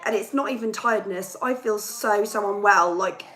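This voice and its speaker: In a casual live chat, a young woman who hosts livestreams and sings rants to her audience and reads viewer comments aloud. Her mid-range voice is a bit bright, chesty and worn, a little fast, and the recording is low quality.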